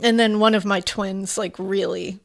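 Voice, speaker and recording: A woman's voice: mid-range voice, steady tone, normal speed, vocal fry. Woman, podcast co-host; casual, emotional, rambling storyteller, mid-range voice. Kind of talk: casual chat.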